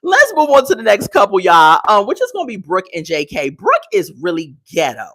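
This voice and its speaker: Sassy, animated middle-aged woman. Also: medium pitch, fairly quick. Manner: sassy, animated, laughs often, talks straight to viewers. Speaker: podcast host reviewing a reality show. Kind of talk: casual live-stream commentary.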